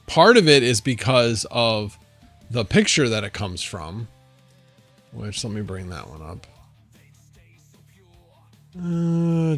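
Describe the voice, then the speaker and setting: A man hosts a casual home livestream, chatting loosely with viewers and thinking out loud. His voice sits at an ordinary middle pitch, with soft music playing faintly underneath. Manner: rambling, answering chat, thinking aloud. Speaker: livestream host.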